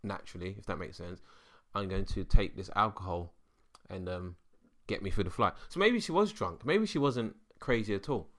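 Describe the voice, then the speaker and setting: A man co-hosting a podcast in casual chat, an animated storyteller who swings his voice around. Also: deep voice, moderate pace, few pauses. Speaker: podcast co-host.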